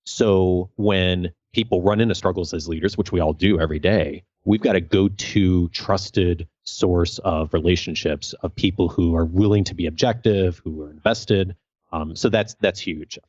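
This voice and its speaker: A man speaking as a guest on a podcast, earnest and measured, explaining his work with gratitude. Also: sits low, darkish tone, no room sound, lo-fi sound. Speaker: podcast guest, leadership coach. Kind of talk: conversational interview.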